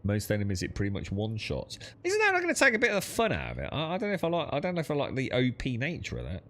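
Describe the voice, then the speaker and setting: A man's voice: medium pitch, wildly swooping pitch, rapid-fire, pushed and bright. A young man chatting casually while playing a co-op game with friends, thinking aloud and laughing easily. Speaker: gamer streaming co-op play. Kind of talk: casual gaming chat.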